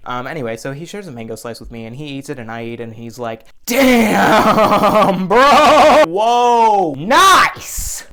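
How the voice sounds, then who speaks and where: A young man telling a comedic story as a vlogger, rambling and profane, with bursts of loud exaggerated voices. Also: medium pitch, rapid-fire, few pauses, a crowd in the background.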